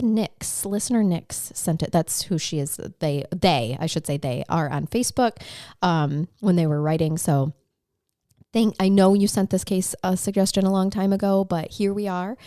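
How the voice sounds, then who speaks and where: A woman's voice: lowish voice, dark tone, dry recording, clean studio sound. A woman co-hosting a true-crime podcast who talks in a chatty, self-deprecating way, laughs often and swears casually. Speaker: podcast co-host presenting the case.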